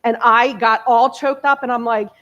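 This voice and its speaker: A woman's voice: a little high, steady tone, normal speed, a bit bright, muffled recording. A woman in her early forties giving a candid, emotional personal testimony as a guest speaker in a church. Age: 40s. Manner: candid, conversational, emotional storytelling. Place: church sanctuary.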